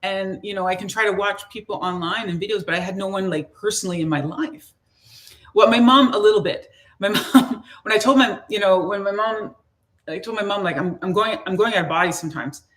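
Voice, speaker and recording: A woman's voice: mid-range voice, a little fast, fairly bright tone. A woman who is a spiritual teacher tells a personal story in a casual, rambling way, full of restarts and fillers.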